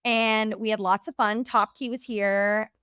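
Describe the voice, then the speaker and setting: A woman's voice: mid-range voice, fairly even intonation, a little slow, fairly bright tone, smooth, no echo, studio quality. A young woman hosting a podcast, chatting casually in a bubbly, gushing way and saying "like" often. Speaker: podcast host.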